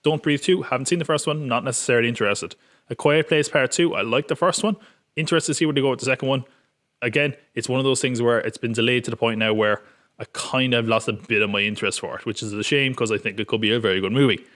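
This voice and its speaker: Male podcast host, mid pitch, casual and self-mocking. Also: fast, a bit bright. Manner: wry, self-mocking, joking. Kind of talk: casual film preview chat.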